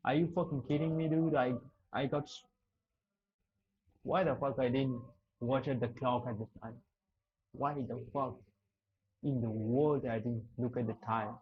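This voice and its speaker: A man's voice: medium pitch, fairly even intonation, a little slow, long pauses, dull audio. A man streaming live trades, smoking a cigarette while talking to his chat in an exasperated, heavily cursing way. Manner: exasperated, heavy cursing, talks to chat as "dude" and "bro".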